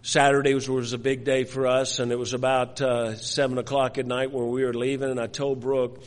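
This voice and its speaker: An older male pastor tells a family story in his sermon, circling back and repeating himself as he goes. His mid-pitched voice carries a long reverb from the hall. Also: level tone, fairly quick. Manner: storytelling, repeats words, many restarts.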